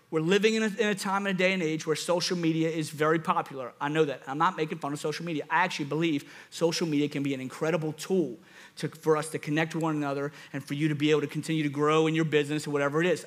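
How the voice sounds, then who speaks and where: A man preaching a sermon, animated, acting out quoted thoughts and laughing at himself. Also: fairly high pitch, racing. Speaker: pastor.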